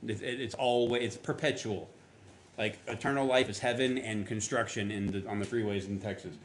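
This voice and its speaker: A man's voice: fairly even intonation, brisk, a little hiss or hum. A man preaching a sermon, telling a personal story in a casual, conversational way and acting out the dialogue. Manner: conversational storytelling, acts out quotes with rising pitch. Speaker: pastor.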